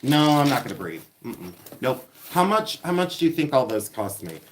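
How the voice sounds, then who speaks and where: A chatty man hosting a live unboxing stream, excitable and quick to poke fun at himself. His voice sits at a middle pitch, with a faint hiss of noise underneath. He talks in a loose, unscripted way, like he's chatting with viewers. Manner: chatty, self-mocking, excitable. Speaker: live-stream antiques reseller. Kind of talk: casual live-stream chat. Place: indoors among boxes of haul. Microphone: device.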